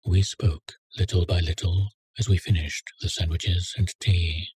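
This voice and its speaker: A man reading a story aloud in a measured, sardonic way. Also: low-pitched, fairly even intonation, darkish tone, slightly rough. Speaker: narrator. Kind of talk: scripted story narration.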